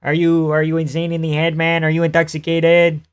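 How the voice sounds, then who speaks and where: A man impersonates an excitable French-Canadian fighter with a thick Quebec French accent, pitched noticeably higher than his normal voice. He fires off incredulous rhetorical questions and tags nearly every line with "man". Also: brisk, clean tone, natural voice.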